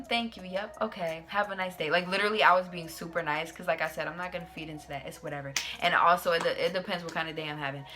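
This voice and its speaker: A young woman tells a storytime in a sassy, slangy voice that sits on the low side and cuts through bright and forceful. Her chat is loose and expressive, full of "like"s. Faint music plays behind her. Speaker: YouTuber host. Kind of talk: casual storytime monologue.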